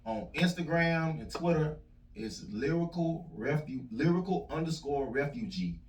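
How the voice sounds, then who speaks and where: A man's voice: on the high side, lively intonation, measured pace. A young man, a guest musician telling loose, profane stories in a casual podcast chat. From Southwest Georgia, US. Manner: loose, storytelling, profane slang. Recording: roomy distant mic, dull, loud music.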